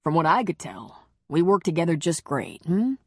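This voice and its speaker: A woman narrator voicing a tender man who speaks softly and reassuringly in a low voice. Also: big pitch swings, moderate pace, dry recording, studio quality.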